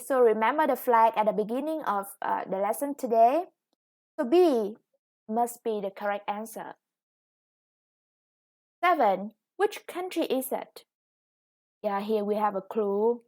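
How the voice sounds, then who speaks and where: In this recorded classroom lesson, a Vietnamese-accented English teacher speaks with a fairly high, animated, slightly mellow voice. Patient and slow in her explanations, she draws out new vocabulary and self-corrects as needed.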